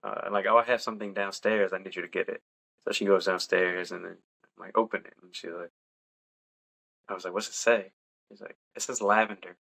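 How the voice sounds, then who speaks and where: A young adult man and podcast co-host, casually telling a personal story in a relaxed, chatty way and laughing along. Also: low voice, brisk, creaky.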